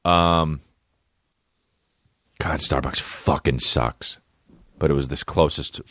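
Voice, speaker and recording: A man in his thirties hosting a comedy podcast, ranting loudly and crudely, often jumping up into a high mocking voice. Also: takes it slowly, no room sound, clean studio sound. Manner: loud, profane, animated, jumps into high mocking pitch. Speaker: podcast host.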